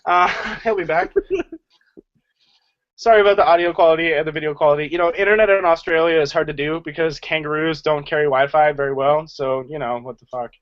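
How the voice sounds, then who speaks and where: A man's voice: fairly high pitch, fairly quick. A man co-hosting a casual group video chat, jokey and chatty with lots of fillers. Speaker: channel co-host. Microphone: video call. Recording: lo-fi video call audio.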